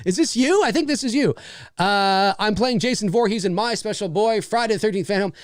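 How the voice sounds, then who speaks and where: A man hosting a casual live-stream Q&A, talking in a slightly raised pitch that moves up and down a lot. He rambles and explains at length, restarting his sentences often. The sound is close and dry. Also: dry recording. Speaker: host and voice actor.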